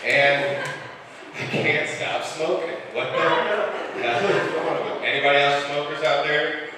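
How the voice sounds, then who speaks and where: A man's voice: on the high side, flat delivery, a little slow, background noise. A young man performing live stand-up in a comedy club, out of breath, loose and self-deprecating as he chats with the crowd. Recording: roomy club reverb, mic heard from a distance. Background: live audience, club ambience.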